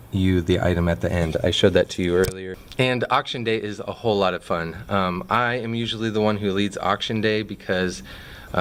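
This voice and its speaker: A fifth grade teacher, a man, explaining his classroom methods in a relaxed, chatty way with frequent fillers. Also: low-pitched.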